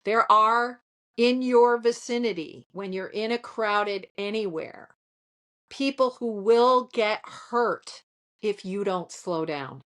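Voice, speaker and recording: A woman's voice: medium pitch, slow pace, a bit bright. A woman co-hosting a podcast in casual chat, backing her partner with short agreeing replies and then telling a story of her own. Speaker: podcast co-host.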